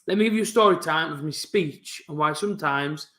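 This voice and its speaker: Young male streamer, rapid mumbled delivery with a stutter, casual chat; roomy echo. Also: a little high, fairly bright tone. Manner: fast-talking, mumbling, with a stutter. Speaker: football fan streamer hosting a live match watch-along.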